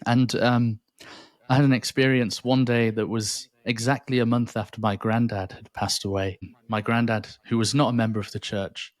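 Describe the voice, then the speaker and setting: Man, podcast guest, thoughtful, earnest, lowish voice, dry close sound. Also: dry recording. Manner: thoughtful, earnest, with frequent restarts. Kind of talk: reflective faith interview.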